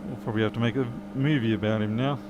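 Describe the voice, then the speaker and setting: A man's voice: mid-range voice, fairly even intonation, rapid-fire, highs cut off. Chatty man in a noisy workshop. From Australia. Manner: chatty, dry humour, answers chat questions. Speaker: repair streamer. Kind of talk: casual live-stream chat while working.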